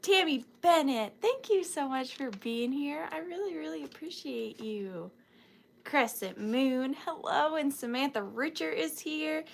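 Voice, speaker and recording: A woman's voice: sits high, lively intonation, a little slow, creaky, slight background noise. A sleepy woman with a Southern US accent hosting a live sale stream, chatting casually and greeting viewers by name, sometimes dropping to a whisper.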